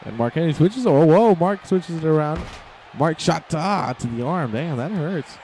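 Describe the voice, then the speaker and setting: A man giving excitable, rambling play-by-play commentary over a wrestling video game, shouting on the big moves. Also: on the high side, normal speed, slight background noise.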